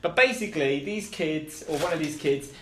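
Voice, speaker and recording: A man's voice: fairly high pitch, moderate pace, fairly bright tone, a little hiss or hum. A man hosting a comedy panel podcast, rambling and swearing as he chats and laughs. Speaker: panel show host. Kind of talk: casual comedic podcast banter. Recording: roomy echo.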